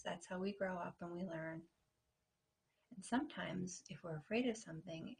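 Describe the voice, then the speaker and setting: A woman, a kindergarten teacher, reading a picture book aloud to young children in an expressive, playful way and talking to them directly. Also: on the low side, creaky.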